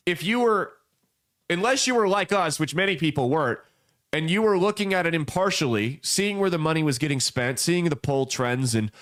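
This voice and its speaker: A man's voice: fairly high pitch, a bit bright. A young adult man hosting casual political commentary, telling folksy parables with blunt emphasis. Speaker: podcast host.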